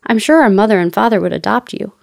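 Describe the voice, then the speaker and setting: A woman's voice: medium pitch, animated, quick pace, gravelly. A woman reading a storybook, voicing a polite and caring young girl in a sweet, earnest way. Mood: gentle.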